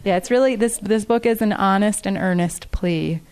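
A woman's voice: mid-range voice, normal speed, darkish tone, clean tone. A woman speaking casually and earnestly to an audience, repeating each question aloud before she answers it.

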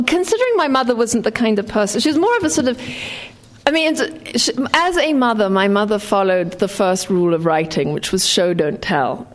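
A woman born in England reading her own memoir with dry wit, then talking about writing it. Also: a little high. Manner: dry, wry storytelling.

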